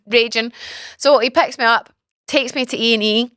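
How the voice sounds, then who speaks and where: A woman in her twenties hosting a podcast, telling stories in a chatty, animated way and swearing freely. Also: fairly high pitch, fairly quick, no room sound, clean studio sound. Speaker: podcast host. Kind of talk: casual storytelling chat.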